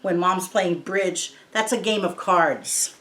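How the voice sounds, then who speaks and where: A woman's voice: on the low side, slow, fairly bright tone, a little hiss or hum. A woman reading a picture book aloud to children, patiently explaining each word in simple terms. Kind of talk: read-aloud lesson for kids. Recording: roomy echo.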